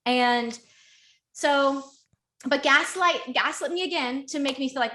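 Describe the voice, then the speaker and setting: A young adult woman speaks as a podcast guest, telling a personal story in a casual, conversational way. Her voice sits a bit high. She is animated and emotional, often breaking off and restarting her sentences. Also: a little slow.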